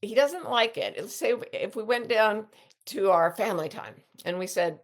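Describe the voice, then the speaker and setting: An older woman hosting a reflective casual talk, telling stories in an animated way and often restarting mid-sentence. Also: mid-range voice, moderate pace. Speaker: podcast host and life coach.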